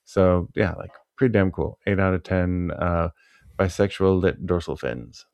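A man hosting a casual movie review chat, relaxed and crude-humored. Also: deep voice, measured pace, smooth, dry recording. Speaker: podcast host.

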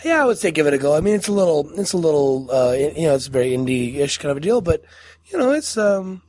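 A man's voice: on the high side, big pitch swings, fast talker, darkish tone. A man co-hosting a podcast in casual chat about a horror short, rambling and hedging with lots of fillers. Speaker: podcast co-host.

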